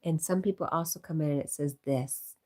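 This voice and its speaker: A woman's voice: sits low, fairly quick, dark tone. A woman hosting a casual livestream, chatting and reading viewer comments aloud, sometimes in a whisper. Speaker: livestream host.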